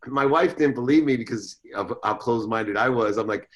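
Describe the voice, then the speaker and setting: A middle-aged man as an interview guest, telling stories in a lively way and acting out the voices of people he quotes. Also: fairly quick. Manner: animated, acts out quoted voices with big pitch jumps. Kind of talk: storytelling interview talk.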